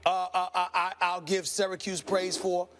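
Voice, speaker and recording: A man's voice: sits high, monotone, moderate pace, fairly bright tone. A man with a New York accent, hosting a heated studio sports debate, emphatic and repetitive. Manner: emphatic, repeats himself, preacherly.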